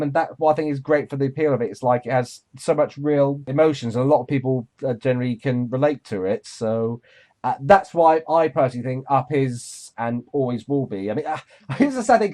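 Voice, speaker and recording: Brief: man, film-chat co-host, rapid and rambling, eager. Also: mid-range voice, a little mellow. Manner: enthusiastic, rambling with many fillers and restarts. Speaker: co-host reviewing films. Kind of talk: casual film review chat.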